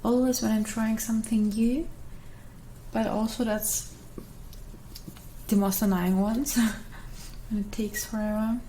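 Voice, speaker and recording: A young woman with a German accent and Russian as her first language, soft and hesitant in a whispered ASMR Q&A. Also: fairly high pitch, little pitch movement, a little hiss or hum, poor audio. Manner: soft, hesitant, many pauses. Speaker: ASMR creator.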